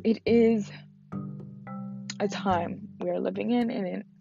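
A young woman talks alone into her podcast mic, earnest and emotional, often pausing as she speaks. Her voice has a gravelly fry to it. The recording is muffled and lo-fi, with music clearly playing underneath. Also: mid-range voice, steady tone. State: fasting. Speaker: podcast host. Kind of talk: reflective solo podcast talk.

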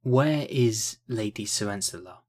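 A man's voice: fairly low pitch, animated, unhurried, a little mellow. A man doing a cheeky teenage boy. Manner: cheeky, eager. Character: cheeky sixteen-year-old boy, eager.

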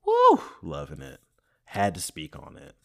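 A young man hosting his own podcast, talking casually and swinging from soft, grateful reflection to loud, playful bursts. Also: low-pitched, measured pace. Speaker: podcast host. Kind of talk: casual solo podcast monologue.

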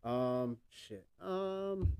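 A man's voice: medium pitch, lively intonation, extremely slow, a little mellow, clean tone, no echo. A man hosting a podcast, chatting casually and swearing freely, rambling with lots of fillers. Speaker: podcast host. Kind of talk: casual chat.

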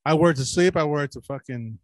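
A man's voice: on the high side, fast talker, no echo. A man co-hosting a crude podcast, telling rambling, profane stories and mimicking people he quotes. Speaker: podcast co-host. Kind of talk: crude casual chat.

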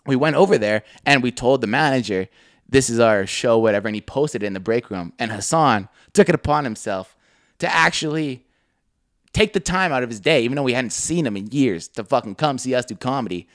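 A man's voice: mid-range voice, fairly quick, dry recording, studio quality. A young man, co-hosting a podcast and telling stories in a casual, swearing, giggly way. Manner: animated, swearing, giggling, mimics voices in stories. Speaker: podcast co-host. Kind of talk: casual storytelling chat.

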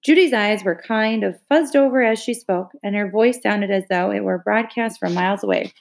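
A woman narrates a children's novel in a steady, measured storytelling voice. Her pitch sits in an ordinary middle range, and a noticeable vocal fry roughens her phrases. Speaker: audiobook reader. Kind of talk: reading a novel aloud.

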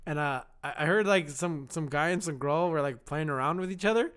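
A young man tells a story in casual, profane chat, laughing and acting out other people's lines. His voice sits high for a man and stays clean and smooth. He talks loosely and freely, full of swearing. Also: fairly quick, a bit bright. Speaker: delivery driver telling a story.

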